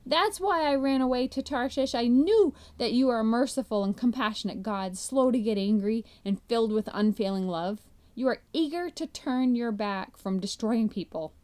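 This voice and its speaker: A woman's voice: fairly high pitch, expressive, moderate pace, hardly any pauses, a little mellow, close to an everyday voice. Woman doing a sulking, exasperated male prophet.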